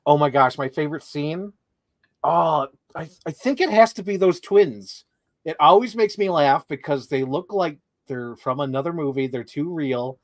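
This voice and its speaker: A man co-hosting a casual movie chat, animated, laughing often and acting out lines he quotes. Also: fairly high pitch, normal speed, no room sound. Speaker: co-host.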